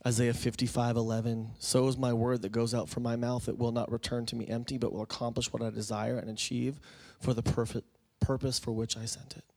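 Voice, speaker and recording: A man's voice: medium pitch, flat delivery, a little fast, darkish tone. A man, a pastor, preaching a sermon to his church in a conversational way that builds into fervent appeals. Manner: conversational, rising to fervent exhortation. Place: church sanctuary.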